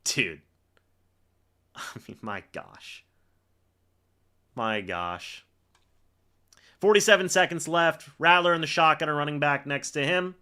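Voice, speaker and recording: Animated, bright-voiced man ranting live. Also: a little high, slow pace, long pauses, smooth. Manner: angry, exasperated ranting at referees; reads plays aloud like commentary. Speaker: sports reaction streamer. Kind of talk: live play-by-play reaction stream.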